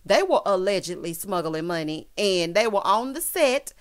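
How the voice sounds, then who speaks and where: A woman's voice: sing-song, normal speed. Sassy Southern woman dishing on reality TV. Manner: sassy, dramatic, keeps saying honey and child; swings between loud outbursts and low asides. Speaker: reality TV recap vlogger. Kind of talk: casual recap commentary.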